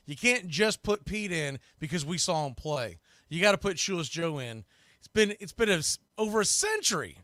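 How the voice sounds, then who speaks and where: A man's voice: sharp tone, dry recording, clean studio sound. Opinionated man calling the game. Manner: opinionated, rambling asides between pitches. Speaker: host and play-by-play announcer. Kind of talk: fan play-by-play commentary.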